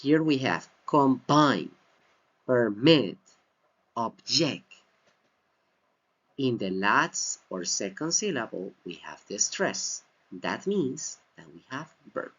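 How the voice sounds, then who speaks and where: A man whose first language is Spanish, teaching English pronunciation and stressing each word slowly and clearly. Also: medium pitch, sing-song, a bit bright. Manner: exaggerated word stress, repeats words slowly. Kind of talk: slow deliberate pronunciation lesson. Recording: slightly dull lo-fi recording.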